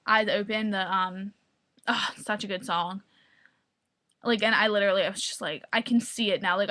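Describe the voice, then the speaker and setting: A young woman talks straight to her camera in a loose, rambling vlog chat. She is excitable and keeps circling back with "like" between thoughts. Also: mid-range voice. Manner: excitable, rambling, heavy use of "like". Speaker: vlogger.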